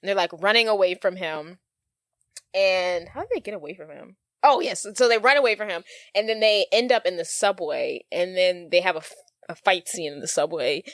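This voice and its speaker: A woman co-hosting a podcast, chattily retelling a movie plot with laughs and quick quoted voices. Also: lowish voice, no room sound. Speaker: podcast co-host. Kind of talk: casual movie recap chat.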